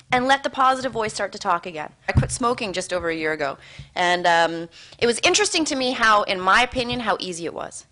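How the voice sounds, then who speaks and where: A woman speaking to a live audience as a motivational speaker. Her voice is bright and a little high. She talks in an animated, conversational way and tells stories.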